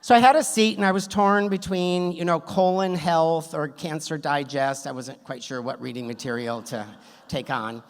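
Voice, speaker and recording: On stage in a theater hall, a man tells a funny true story at a story slam, wry and self-deprecating with good comic timing. His voice is a little high at a normal speed, and the on-stage recording has a long hall reverb.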